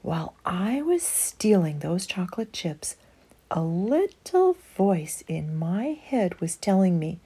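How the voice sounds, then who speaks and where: A woman reading a children's picture book aloud in an expressive storytelling manner. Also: fairly low pitch, slow, breathy edge.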